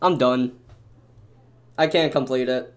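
A young man playing a horror game, jumpy and excitable, swinging from quiet mumbling to panicked screaming. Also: medium pitch, slow. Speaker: gaming YouTuber.

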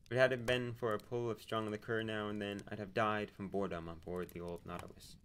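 Blunt, hungry Canadian harpooner read by a man, gruff, low voice, storybook. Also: little pitch movement, brisk, a bit bright. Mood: defensive.

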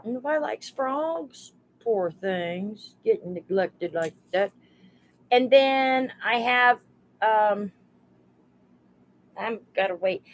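Slow-talking woman selling live. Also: mid-range voice, animated, a little hiss or hum, poor audio. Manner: chatty, homey, greets viewers by name. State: overheated. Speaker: live sale host. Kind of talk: live-stream selling, chatting with viewers.

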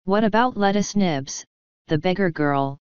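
A cool, watchful young watchwoman who speaks dryly, read by a woman. Her voice is very clear and a bit low, heard close and dry through muffled, lo-fi sound. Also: lively intonation, unhurried, a little mellow, no room sound. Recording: dull lo-fi audio.

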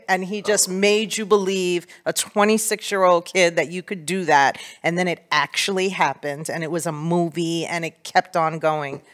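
A woman, a law professor, interviewing a guest on stage, asking long run-on questions in a measured way. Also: fairly low pitch, steady tone.

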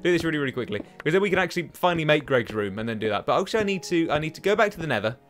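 A man's voice: fairly high pitch, very animated, very fast, soft background music. A young man hosting a let's play from home, rambling to himself and taunting enemies as he plays. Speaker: gaming channel host. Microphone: desk microphone.

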